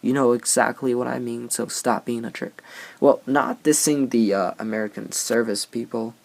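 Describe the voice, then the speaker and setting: A man's voice: medium pitch, fairly even intonation, normal speed, vocal fry. A young man hosting a casual podcast, telling rambling anecdotes with many fillers. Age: young adult. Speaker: podcast host.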